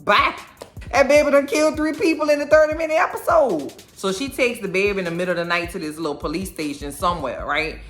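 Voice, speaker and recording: A woman giving a casual, animated and sassy recap of a TV episode. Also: medium pitch, fast. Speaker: show recapper.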